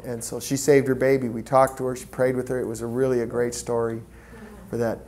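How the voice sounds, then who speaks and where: A man giving a training talk to volunteers, telling stories in a preacherly, animated way. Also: mid-range voice, fairly quick. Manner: preacherly, storytelling, lively acted quotes. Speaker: pro-life petition trainer.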